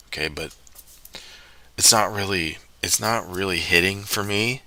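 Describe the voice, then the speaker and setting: Male streamer host, very low voice with a bright edge, slow, rambling and jokey. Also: no room sound. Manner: rambling, self-correcting, jokey asides. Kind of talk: rambling casual monologue.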